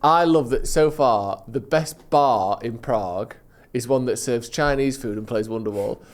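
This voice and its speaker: A man's voice: medium pitch, a little slow. A British man co-hosting a comedy podcast, teasing his friend with wry interjections in casual banter. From Britain. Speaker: podcast co-host.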